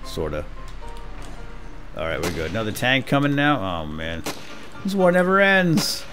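Excitable male gamer, very lively pitch, casual jokey commentary over game music. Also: unhurried. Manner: excitable, jokey, talks to teammates. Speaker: let's play gamer.

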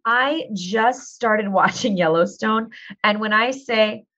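A woman's voice: medium pitch, slow, a bit bright. A woman in her thirties hosting a podcast, chatting in a bubbly, playful, self-mocking way. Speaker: podcast host. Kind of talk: casual chat. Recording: dull lo-fi sound.

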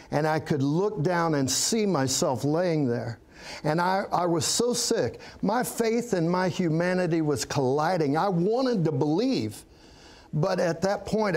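A middle-aged man speaks as a pastor giving his testimony. He takes his time, his voice sitting a little high, and he tells it earnestly, like a story. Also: a little mellow. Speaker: pastor, guest. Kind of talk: testimony interview.

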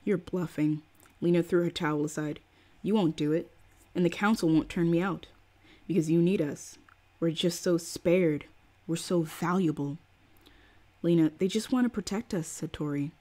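Female streamer with a low-pitched voice, reading a novel aloud, chatty between passages. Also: fairly even intonation, moderate pace, mellow. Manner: casual, slangy asides to chat between passages. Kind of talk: live-stream book reading.

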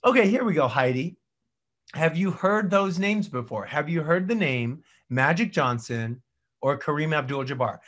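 A middle-aged male dentist giving a casual, animated lecture, swinging between loud bursts and quiet asides. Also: fairly high pitch, moderate pace. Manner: casual slang and mild swearing. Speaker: dentist teaching a practice management course. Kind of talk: recorded continuing-education lecture.

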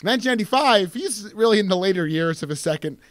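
A male podcast co-host riffs about movies in a joking, profane way. His voice sits high and moves around a lot. The sound is close and dry. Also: expressive, quick pace, a bit bright, no room sound. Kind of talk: casual chat about films.

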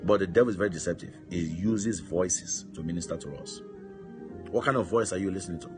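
A male pastor delivers a fervent sermon in a low voice, dropping amen and hallelujah between points. Faint music plays beneath him. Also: fairly quick.

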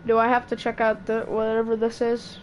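A woman's voice: on the high side, monotone, brisk, slight background noise. A woman playing a video game in casual chat, playful and chatty, full of questions and sound effects. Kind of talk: casual let's-play chat.

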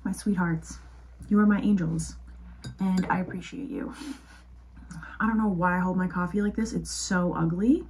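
A woman chatting casually to her camera in a vlog, goofy and quick to poke fun at herself. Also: lowish voice, fairly even intonation, a little mellow, slightly rough, rough recording. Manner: chatty, goofy, self-mocking. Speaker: vlogger.

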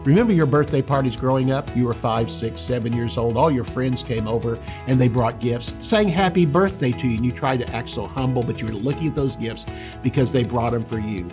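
An older man, a pastor, teaching a sermon with a husky voice and emphatic, drawn-out stresses on key words. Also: medium pitch, music in the background.

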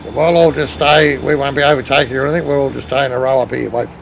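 Talking fast in a gravelly, mid-range voice with fairly even intonation, an Australian streamer leads a truck convoy in a live game, chatting casually with friends and reading out and responding to viewer comments as he drives. The audio is poor, with a little hiss or hum.

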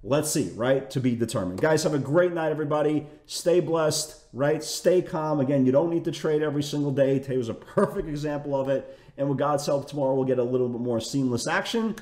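Guy doing a chatty stock market recap, kinda high voice, echoey room. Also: brisk, few pauses, a little mellow. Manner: chatty, repeats "right?" and "again"; self-correcting restarts. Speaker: stock trading educator.

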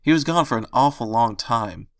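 A man reading fan fiction aloud as first-person narration, in a steady storytelling way on a close, dry microphone. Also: mid-range voice, normal speed, no room sound.

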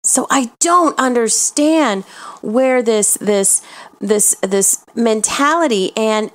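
A woman co-hosting a podcast, talking politics in a casual chat and making her points slowly and deliberately, with some hesitations. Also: a little high. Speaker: podcast co-host.

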